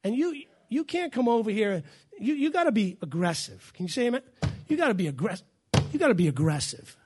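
A man preaching a sermon as pastor, fiery and emphatic, shouting and repeating his phrases in a church. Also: high-pitched, sing-song, fairly quick, slightly rough.

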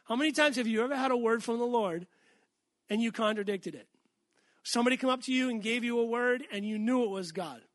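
A man's voice: very high voice, a little fast, fairly bright tone, no echo. A man preaching an earnest, emphatic sermon, calling out to the congregation for amens.

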